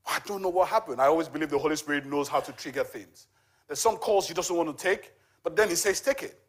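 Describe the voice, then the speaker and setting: A man in his forties stands before a church congregation and shares a personal testimony. He talks in a loose, conversational way, often pausing on little fillers as he tells the story, and his voice sits a little higher than most men's. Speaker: charity volunteer giving a testimony.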